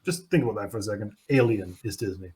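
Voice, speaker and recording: A man's voice: on the low side, animated, fast, a crowd in the background. A man co-hosting a casual podcast chat, making dry, short remarks. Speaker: podcast co-host.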